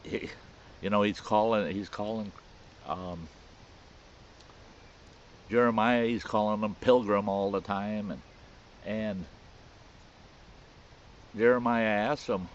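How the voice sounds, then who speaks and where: A man's voice: on the low side, slow pace, pauses often. A man telling a rambling, folksy story about an old friend in a casual spoken style. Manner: folksy, rambling, with restarts and chuckles. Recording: slightly muffled recording with faint hiss.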